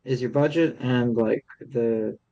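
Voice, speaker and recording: A man's voice: medium pitch, slow, warm tone, dull audio. A man co-hosting a casual sports podcast, talking hesitantly with short fillers. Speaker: podcast co-host.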